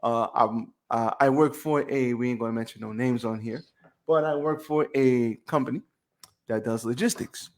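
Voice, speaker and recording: A man's voice: medium pitch, normal speed. A man co-hosting a podcast, telling stories in a laid-back, slangy way. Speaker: podcast co-host. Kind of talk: casual chat, storytelling. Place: home studio on camera.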